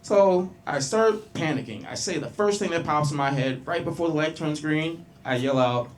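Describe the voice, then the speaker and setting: At an open mic in a small club with faint noise, a man from Long Beach, California, does a loose, profane stand-up set and banters with the crowd. His voice is fairly high and his speed normal.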